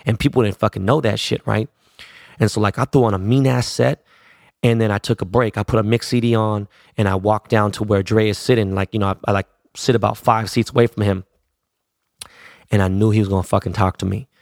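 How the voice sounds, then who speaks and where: Gravelly man spinning a profane street story. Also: lowish voice, fairly even intonation, a little mellow, no echo, studio quality. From Los Angeles. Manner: profane, streetwise slang, quotes others in quick voices. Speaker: DJ and producer telling a story. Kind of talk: casual storytelling.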